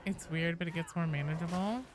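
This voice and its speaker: A woman's voice: on the low side, a little fast, background noise. A woman streaming a game, chatting casually and answering viewers' messages while she plays. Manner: chatty, reads and answers chat while playing. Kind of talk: casual live-stream chat.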